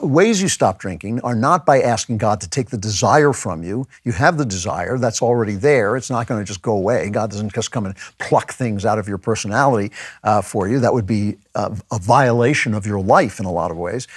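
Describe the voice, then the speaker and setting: A man's voice: on the low side, a little fast, breathy edge, no echo, studio quality. A middle-aged man hosting a show, talking casually and emphatically about faith, often mimicking what other people say. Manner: conversational, emphatic, animated quoting of others. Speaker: podcast host.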